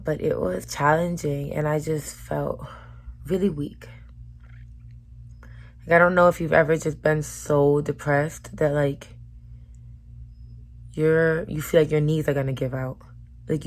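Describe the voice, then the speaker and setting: A woman vlogger talking frankly and emotionally into the camera, with casual slang and swearing. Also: deep voice. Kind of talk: candid personal vlog talk.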